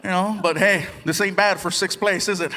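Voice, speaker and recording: A man performing an animated stand-up comedy set on a theater stage, telling stories and slipping into voices. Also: high-pitched, normal speed, in a large hall, heavy background noise. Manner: animated storytelling with put-on voices. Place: theater stage before a live audience. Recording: live theater with loud crowd laughter.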